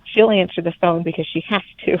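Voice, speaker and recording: A young woman, telling her birth story as a podcast guest in lively, laughing casual chat. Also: lowish voice, a little fast. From Alabama, USA. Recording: tinny phone-like remote line.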